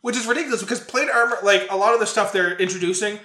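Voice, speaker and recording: Brief: high, bright-voiced man riffing on a movie, cursing and laughing, roomy echo. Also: rapid-fire. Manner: swearing, laughing, animated storytelling. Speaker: podcast co-host. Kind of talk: casual movie review chat.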